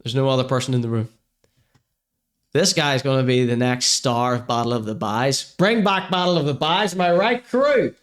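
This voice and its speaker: A man's voice: medium pitch, animated, normal speed. A man hosting a comedy podcast, mocking and sarcastic as he reacts to clips. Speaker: podcast host.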